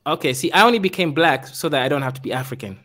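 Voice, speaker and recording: A man's voice: fairly high pitch, lively intonation, racing, fairly bright tone. A man leading a casual discussion, quizzing the others with wry questions.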